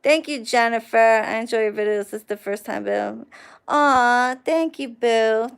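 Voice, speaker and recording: A young woman hosting a casual livestream, telling a profane, animated story and thanking chat viewers along the way. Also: fairly high pitch, a little slow, creaky, smooth. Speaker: livestream host.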